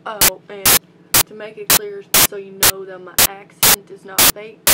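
Her voice mid-range, flat and a little slow, a young woman from Albany, Georgia, speaks with a Southern accent in a casual accent-tag vlog. She reads words and questions aloud with rambling asides, and her built-in laptop mic picks up loud hum and static.

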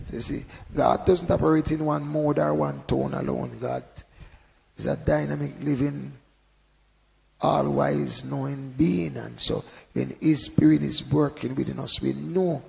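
Gravelly man preaching in a reverberant hall. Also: medium pitch, fairly even intonation, normal speed. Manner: conversational preaching with frequent "you know" and sudden loud emphasis. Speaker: Bible teacher. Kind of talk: informal sermon.

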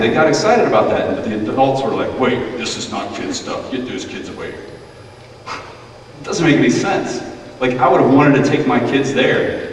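A man's voice: medium pitch, a little hiss or hum. A male pastor giving a playful children's sermon, now and then putting on quoted voices. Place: church sanctuary. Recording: echoey church hall, mic far off.

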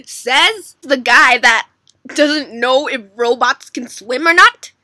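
Bright, squealy young woman gushing. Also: sits high, takes it slowly, no echo, studio quality. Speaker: reaction video host. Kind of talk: excited reaction commentary.

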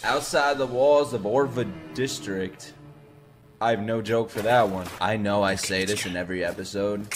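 A young man reacting to an anime episode, excitable and swearing, swinging from hushed remarks to shouts. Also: lowish voice, normal speed. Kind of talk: live anime reaction commentary. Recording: show music playing behind.

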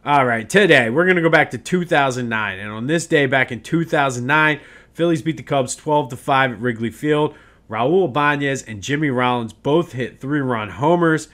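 Male sports podcast host, mid-pitch, agitated rant, stumbling restarts. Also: moderate pace, fairly bright tone. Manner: worked-up ranting with restarts. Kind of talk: casual solo sports podcast.

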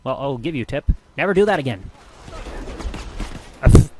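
A man from Michigan giving excitable, mildly profane commentary while live streaming a video game. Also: mid-range voice, moderate pace. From Michigan, USA. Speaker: gaming streamer. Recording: game noise underneath. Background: game sounds.

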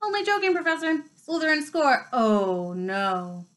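A woman voicing an excitable teenage boy commentating on a match, loud and drawn out. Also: high voice, unhurried, pitched above the performer's own voice, full character voice. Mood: excited.

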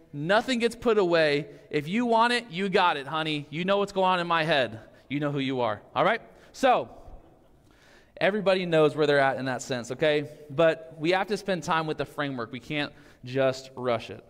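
A man's voice: a little high, lively intonation, normal speed, fairly bright tone, in a large hall. A man preaching a sermon in a church sanctuary, casual and conversational, often checking in with the congregation. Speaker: pastor.

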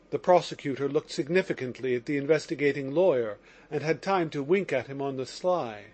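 A man narrating an audiobook in a steady, lower reading tone. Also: brisk, few pauses.

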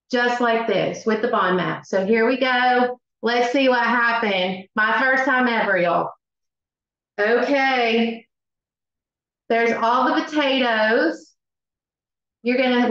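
A middle-aged woman with a Southern US accent hosting a live cooking class, chatty and excitable, with many fillers. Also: on the high side. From Southern United States. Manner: chatty and excitable, many ums, says y'all. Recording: echoey room, dull lo-fi sound.

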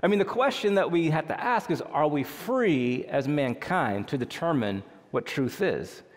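A man co-leading a conversational sermon in a church, animated and reflective, chuckling along. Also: a little high, unhurried. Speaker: co-pastor. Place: church sanctuary. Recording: reverberant church hall.

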